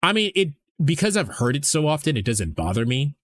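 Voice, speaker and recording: A man's voice: fairly high pitch, big pitch swings, fairly quick, a bit bright. Casual, profane man chatting on stream. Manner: rambling, profane, conversational. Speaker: streamer host.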